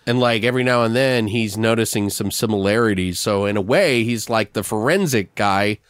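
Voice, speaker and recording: Low smooth-voiced man, profane podcast host. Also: normal speed, a bit bright, no echo. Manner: rambling, profane, acts out characters. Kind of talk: casual improvised brainstorming chat.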